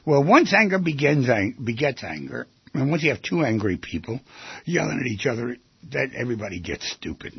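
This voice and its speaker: Raspy gravelly guy giving a talk, lots of up and down in his voice, dry muffled sound. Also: medium pitch, very animated, brisk, no room sound. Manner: rhetorical questions, acts out quoted voices. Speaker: speaker giving a talk on relationships. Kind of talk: animated lecture to an audience.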